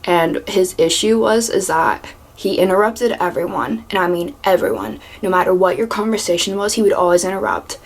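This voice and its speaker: A young adult woman telling work stories in a casual storytime vlog, animated and swearing freely, sometimes dropping to a whisper for asides. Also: mid-range voice, moderate pace. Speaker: vlogger. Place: home room with a fan.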